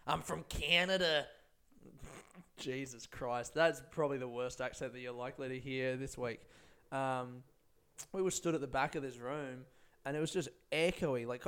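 Swearing, rambling young man with a smooth voice. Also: mid-range voice. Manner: rambling, laid-back, heavy swearing. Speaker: stand-up comedian and podcast host. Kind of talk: casual solo podcast monologue. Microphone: podcast microphone.

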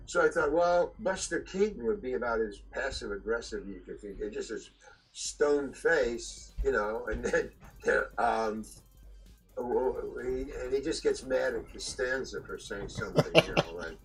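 An older man, an actor being interviewed, telling stories in a halting way with restarts and chuckles. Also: mid-range voice, soft background music, rough recording. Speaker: actor guest. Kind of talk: anecdotal storytelling.

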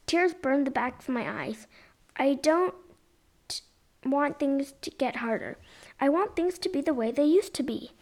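Young woman reading a children's book, high voice, expressive delivery. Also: unhurried, pauses often. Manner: expressive, with occasional whispered asides. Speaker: reader.

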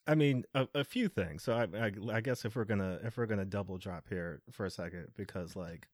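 A man with a lower voice hosts a casual film-review podcast. He critiques in a rambling way with lots of fillers. The recording is close and dry. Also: brisk, dry recording. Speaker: podcast host.

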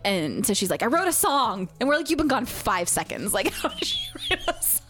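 A woman in her thirties co-hosting a podcast, telling family stories in casual chat, quoting people with lively voices and laughing often. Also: medium pitch, a little fast. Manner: chatty storyteller, animated quoting, laughs often. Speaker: podcast co-host.

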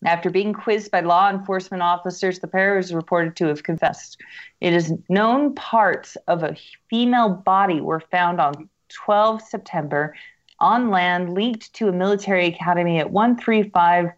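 Low-voiced woman reading news, lo-fi. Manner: reads aloud haltingly, stumbling over foreign names; dry sarcastic asides. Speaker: co-host reading a news article aloud. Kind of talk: casual podcast chat.

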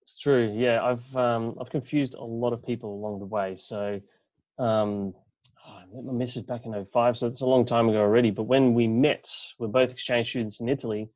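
A club representative joins a casual podcast, rambling with many fillers; he's a Dutchman from the Netherlands with a partly Australian accent. His medium-pitched, slightly mellow voice keeps a fairly even intonation at a somewhat fast pace. The rough recording has no room sound.

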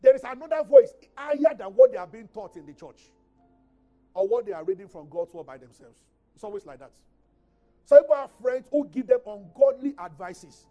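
The recording is muffled, and the pastor's voice is extremely high. Speaking with a Nigerian English accent, he swings from emphatic, loud scripture reading to hushed, casual comments during his sermon.

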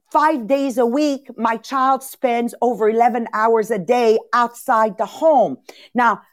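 A woman's voice: fairly high pitch, no echo. A woman in her fifties hosting a motivational podcast over a video call, chatty, bubbly and upbeat. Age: 50s. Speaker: host. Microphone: video call mic.

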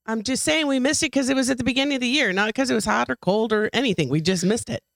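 A woman co-hosting a casual podcast, teasing her co-host with quick comebacks. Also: a little high, creaky, no room sound. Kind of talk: casual banter. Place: home, in Texas.

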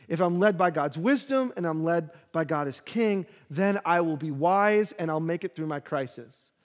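High-voiced man preaching in a reverberant hall. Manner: reads scripture with rising emphasis, conversational asides. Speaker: pastor. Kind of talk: sermon.

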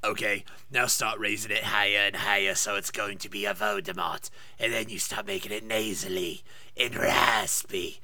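Man, podcast co-host, instructive, gravelly, bright tone. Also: fairly low pitch, fairly even intonation, normal speed, no echo. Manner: coaching, instructive. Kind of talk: casual chat.

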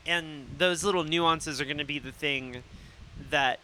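A man's voice: fairly high pitch, a little slow, sharp tone, a little hiss or hum. A man co-hosting a film podcast, talking in a rambling, casual way and swearing freely. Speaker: podcast co-host. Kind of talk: casual chat.

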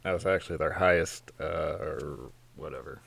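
A man's voice: very deep voice, moderate pace, creaky, a crowd in the background. A man co-hosting a casual podcast, laid-back and blunt, laughing easily and swearing. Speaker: podcast co-host. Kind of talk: casual profane podcast chat.

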